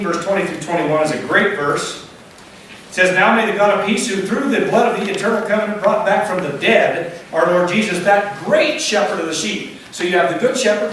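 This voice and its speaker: A man preaching in a church, his voice high and talkative, with rhetorical questions and "okay?" check-ins to the congregation. The sound is heavily reverberant and distant, as if taken from the back of the sanctuary, with a faint hiss underneath. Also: fairly bright tone. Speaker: pastor. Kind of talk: sermon. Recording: echoey church hall from a distance, faint noise.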